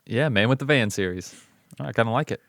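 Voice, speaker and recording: A man's voice: medium pitch, lively intonation, fast talker, vocal fry, a bit bright, no room sound, clean studio sound. A man co-hosting a podcast in casual chat, laid-back and chatty, laughing easily between ad reads. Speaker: podcast co-host.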